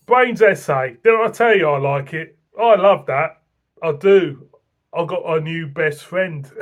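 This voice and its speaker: A man from Britain gushing in a casual beer review vlog, repeating himself and laughing often. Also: high voice. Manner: enthusiastic, repetitive, laughing often.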